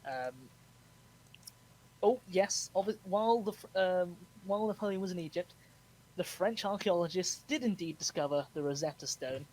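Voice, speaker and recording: A man's voice: high-pitched, moderate pace, darkish tone. A man co-hosting a podcast, telling history in a rambling, casual way with fillers and restarts. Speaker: podcast co-host. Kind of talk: casual chat.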